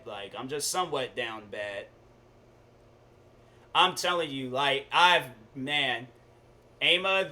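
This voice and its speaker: A young man streaming a game, chatting casually with viewers and telling stories in relaxed slang. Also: mid-range voice. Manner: laid-back, chatty, storytelling with slang. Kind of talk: casual gaming stream chat.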